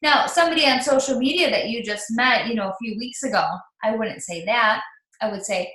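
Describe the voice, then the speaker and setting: A woman's voice: fairly high pitch, a little fast, bright, forceful tone, reverberant. A woman leading a live online training for new team members, talking in a chatty, upbeat way with lots of ums and restarts.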